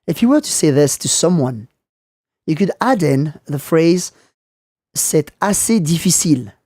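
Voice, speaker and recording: Male language teacher, mellow and dry, clear slow delivery for learners. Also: a little high, sing-song, dry recording. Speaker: French teacher. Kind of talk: scripted lesson narration.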